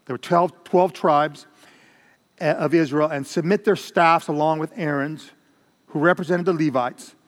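A man's voice: fairly high pitch, measured pace. An older man preaching a sermon as pastor, in a conversational style with Spanish asides. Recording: long hall reverb.

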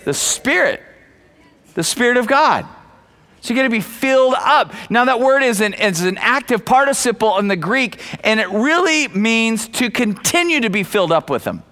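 A man's voice: very high voice, sing-song, moderate pace, sharp tone. A male pastor preaching a sermon emphatically, repeating key phrases and calling on the congregation.

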